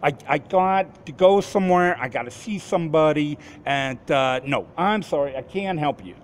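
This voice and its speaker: A man's voice: a little high, expressive, moderate pace, a little hiss or hum, natural voice. A man doing a stammering, evasive truck driver. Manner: hesitant, stammering excuses. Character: evasive middle-aged male truck driver.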